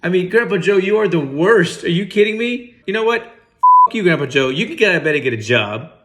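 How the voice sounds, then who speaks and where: A man's voice: sits high, animated, quick pace, very noisy. A man giving casual comedic movie commentary, sarcastic and incredulous with mock outrage. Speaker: movie reaction host.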